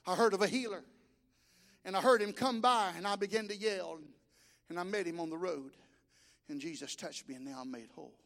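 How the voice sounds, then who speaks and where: A man preaching a sermon as pastor, telling stories and rising to shouted exhortation. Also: high voice, brisk, vocal fry, pauses often.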